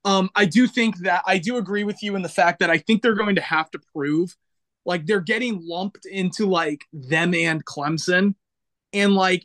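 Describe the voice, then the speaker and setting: High-voiced young man, dry close sound. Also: fairly bright tone, dry recording. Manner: hesitant, restarts phrases, agreeable. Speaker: podcast co-host. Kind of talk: casual sports chat.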